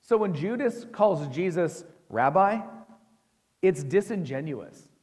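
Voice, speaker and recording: A man with an American accent preaching a sermon as pastor, conversational and quick to ask his listeners questions. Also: sits high, animated, darkish tone, big-room sound.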